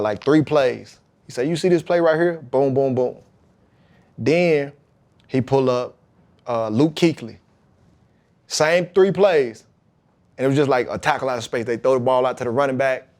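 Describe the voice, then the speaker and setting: A man, a pro football player, talking as a podcast guest, telling his story about faith and football in a lively, emphatic way. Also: mid-range voice, a little slow, pauses often. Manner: emphatic, animated retelling with acted-out quotes.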